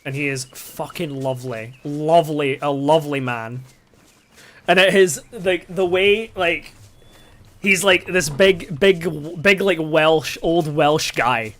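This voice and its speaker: A man's voice: on the high side, takes it slowly, fairly bright tone, slight background noise. A young man from the UK chatting casually and rambling, with lots of fillers and swearing, while streaming a game. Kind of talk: casual storytelling while gaming.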